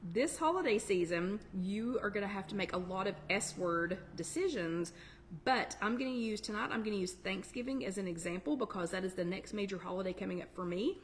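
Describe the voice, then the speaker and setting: A woman's voice: mid-range voice, lively intonation, fairly quick, slight background noise. A woman hosting a casual live-stream chat, talking in a chatty, digressive way and answering viewers' comments. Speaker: host of a weight-loss support chat.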